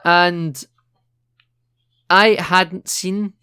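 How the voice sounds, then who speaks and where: A man's voice: high voice, steady tone, drawn-out words, sharp tone, clear, resonant tone, no room sound, studio quality. A man co-hosting a podcast, chatting casually about films, explaining and laughing easily. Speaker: podcast co-host. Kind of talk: casual film chat.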